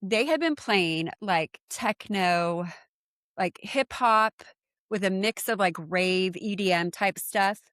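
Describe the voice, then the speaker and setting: A woman in her forties from San Diego tells a personal story in a relaxed podcast chat. Her voice sits in a middle range and sounds close and dry. She acts out quotes with sudden leaps in pitch and talks loosely, with many fillers. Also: slow, dry recording. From San Diego, USA. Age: 40s. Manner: animated, acts out quoted speech with big pitch jumps, lots of fillers. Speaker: podcast guest. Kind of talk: casual storytelling in conversation.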